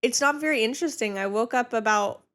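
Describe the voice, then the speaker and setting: A woman's voice: on the high side, fast talker, fairly bright tone. A young woman co-hosting a family podcast, chatty and laughing often. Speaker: podcast co-host. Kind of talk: casual family podcast chat. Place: home podcast studio.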